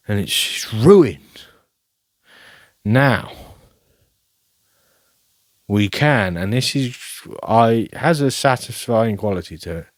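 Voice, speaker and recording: A man's voice: lowish voice, no echo. A man hosting his own show, rambling through a casual, self-mocking monologue and laughing often. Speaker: podcast host.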